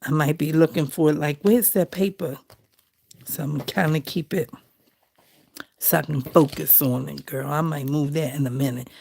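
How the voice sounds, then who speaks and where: A woman's voice: deep voice, steady tone, moderate pace, gravelly, darkish tone, breathy edge. A middle-aged woman chatting casually and rambling to her viewers while she crafts. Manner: chatty, rambling, talks to viewers as girl and y'all. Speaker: crafting vlogger.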